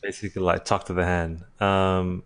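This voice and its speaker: A man's voice: low voice, flat delivery, normal speed, fairly bright tone, dry recording. A man co-hosting a casual tech podcast, joking and hesitant, with playful asides. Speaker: podcast co-host.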